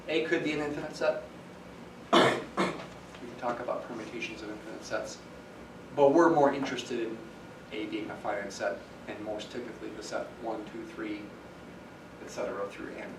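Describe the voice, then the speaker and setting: Male lecturer in an echoey classroom. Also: on the low side. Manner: explanatory, stresses key words. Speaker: math professor. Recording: echoey classroom from some distance, faint hiss.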